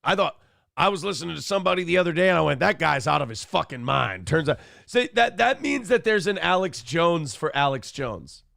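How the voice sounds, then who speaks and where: Male morning show host, rough gravelly tone, profane and animated, dry studio sound. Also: a little high, brisk, no room sound. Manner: profane, animated, mimics others in loud bursts. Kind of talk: casual podcast commentary.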